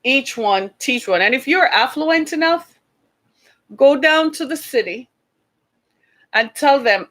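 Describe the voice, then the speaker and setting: A woman's voice: sits high, lively intonation, measured pace, a bit bright. Earnest woman addressing viewers. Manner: earnest, preachy, repeats and calls out to viewers. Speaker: online show host. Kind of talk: impassioned livestream talk to viewers.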